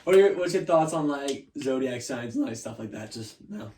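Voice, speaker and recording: A young male host chats offhandedly at a middle pitch, tossing out quirky questions. His voice sits back from the mic in a roomy, echoing space with a faint hiss underneath. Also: animated, a little fast, mellow. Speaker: podcast host. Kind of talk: casual interview chat. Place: his own room, indoors. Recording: echoey room, mic at a distance, faint hiss.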